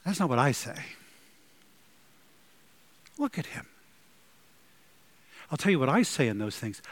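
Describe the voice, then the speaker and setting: Animated man preaching a lively sermon. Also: mid-range voice, unhurried, pauses often. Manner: animated, emphatic preaching with sudden loud bursts. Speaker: pastor.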